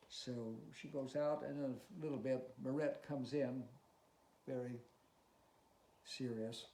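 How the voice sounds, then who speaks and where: Slow, mellow man retelling a story. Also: medium pitch, steady tone. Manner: slow, measured, with soft "uh" pauses. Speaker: songwriter and lyricist. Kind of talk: storytelling, retelling a musical's plot. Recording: roomy echo, faint noise.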